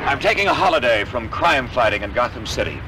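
A man doing a caped superhero, stern, solemn, formal, lively pitch, far from the mic, loud music behind. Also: quick pace, lightly acted. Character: stern grown male superhero, crime fighter. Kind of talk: public service announcement. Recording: distant voice over loud music, archive clip.

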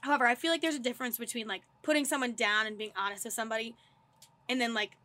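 A young woman co-hosting a podcast, telling animated stories in casual chat and swearing freely. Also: a little high, very fast, no room sound. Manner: animated storytelling, swears and laughs often. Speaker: podcast co-host.

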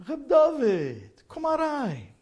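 A man voicing a dignified, kindly elderly rabbi who speaks warmly with Yiddish phrases. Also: extremely high pitch, wildly swooping pitch, drawn-out words, pitched above the performer's own voice, full character voice. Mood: warm welcoming. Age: older. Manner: warm welcoming Yiddish-tinged speech.

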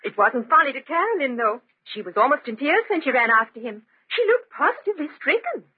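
An actress playing a giggly, chatty young society lady in a 1940s radio drama, speaking in a gossipy, animated way. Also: high-pitched, fairly quick. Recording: tinny old radio recording.

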